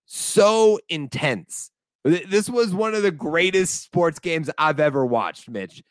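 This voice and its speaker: A young American man co-hosting a casual sports podcast, talking with animated enthusiasm and laughing easily. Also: fairly high pitch, a little slow, dry recording. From United States. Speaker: podcast co-host.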